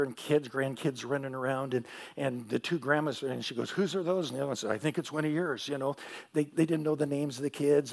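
A man's voice: a little high, vocal fry, breathy edge. A middle-aged man pastor preaching a sermon, telling stories and asking the audience questions, with repeated phrases.

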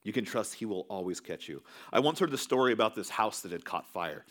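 A man in his thirties preaching a sermon, earnest, swinging between loud emphasis and hushed, quiet lines. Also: lowish voice, animated, brisk. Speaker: pastor.

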